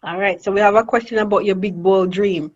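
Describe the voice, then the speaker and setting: A woman in her forties hosts a casual interview in a friendly way, asking questions and laughing easily. Her voice sits at an ordinary middle pitch. The sound is muffled and lo-fi. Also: fairly even intonation, brisk. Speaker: interview host. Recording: dull lo-fi audio.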